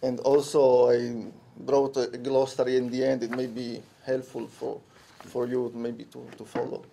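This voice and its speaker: A man with an Italian accent presents a talk at a conference. His voice is dark and mellow. He speaks haltingly, restarting phrases and filling pauses as he feels his way through the English. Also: mid-range voice, completely flat delivery, creaky. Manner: hesitant, many restarts and fillers. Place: conference room.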